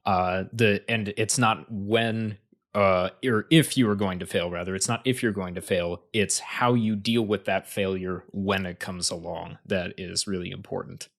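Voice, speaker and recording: Man with a low voice, halting podcast chat. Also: fairly even intonation, gravelly. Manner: hesitant, many filler uhs and restarts. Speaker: podcast co-host.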